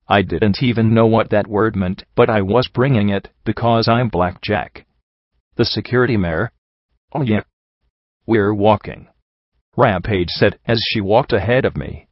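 Low-voiced man reading a story aloud. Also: a little slow, no room sound, lo-fi sound. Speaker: audiobook narrator. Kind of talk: first-person fan fiction reading.

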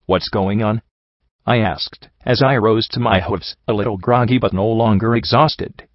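A man narrating a first-person story as an audiobook reader, in a steady, measured way. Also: fairly low pitch, dry recording. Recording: dull lo-fi audio.

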